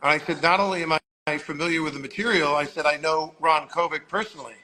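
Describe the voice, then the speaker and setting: A man's voice: on the high side, fairly even intonation, fast, sharp tone, soft background music, low-quality recording. A man of about sixty telling long, rambling anecdotes and acting out the voices of people he quotes, speaking in an agency office. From Long Island, New York. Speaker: guest storyteller.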